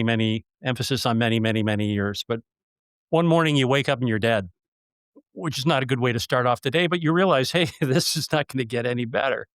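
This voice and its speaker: A man's voice: mid-range voice, a bit bright, smooth, no room sound, clean studio sound. A man hosting a podcast interview, telling stories in a chatty, joking way. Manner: storytelling, jokey and chatty. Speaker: podcast host.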